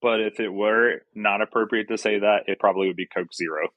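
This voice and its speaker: A man's voice: on the low side, fairly even intonation, brisk, fairly bright tone, no room sound, lo-fi sound. A man from the Southern US, a podcast guest chatting casually and joking about himself. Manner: chatty, self-deprecating, easy laughs. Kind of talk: casual conversation.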